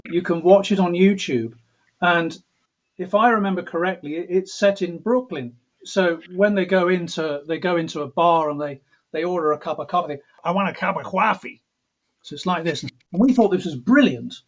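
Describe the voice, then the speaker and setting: A slightly high-pitched English man with a husky edge to his voice talks through his thoughts in a relaxed interview, stopping and restarting his phrases as he works out what he means. The sound is dull and lo-fi, like a remote call. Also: moderate pace. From England. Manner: reflective, frequent restarts and repeated words. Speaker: composer guest.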